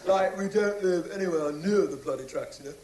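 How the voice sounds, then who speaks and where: A man's voice: high voice, brisk, a little mellow, reverberant, a little hiss or hum, close to an everyday voice, poor audio. An actor voicing a computer host who puts on a fake American drawl to josh his guest. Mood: mocking. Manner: mocking, joshing.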